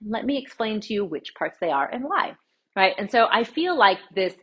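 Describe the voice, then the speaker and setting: A woman's voice: mid-range voice, very animated, fast, breathy edge, lo-fi sound. A woman teaching a dance lesson as the instructor, scatting the rhythm as she demonstrates and often checking in with "right?". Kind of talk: dance lesson with sung counts.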